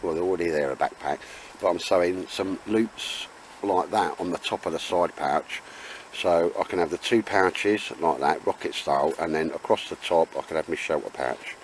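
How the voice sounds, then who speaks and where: Deep-voiced laid-back man outdoors. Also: normal speed, a little hiss or hum. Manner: chatty, jokey, laid-back. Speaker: vlogger. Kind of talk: casual outdoor chat. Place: damp woods, outdoors.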